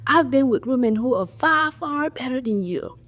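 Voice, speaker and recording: A woman's voice: sits high, expressive, moderate pace, fairly bright tone, voice pushed up. A woman quoting an abusive ex-boyfriend. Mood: contemptuous. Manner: pleading then belittling. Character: remorseful then insulting abusive ex-boyfriend, adult man.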